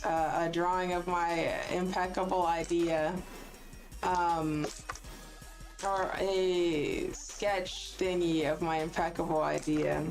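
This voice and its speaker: A woman streamer in casual, rambling chat who interrupts herself, jokes and swears. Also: lowish voice. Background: loud music.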